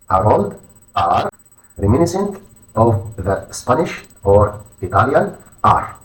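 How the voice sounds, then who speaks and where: A man teaching a language lesson, saying each letter name slowly and deliberately, often twice. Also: lowish voice, sing-song. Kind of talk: instructional lesson narration. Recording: echoey room, voice far from mic.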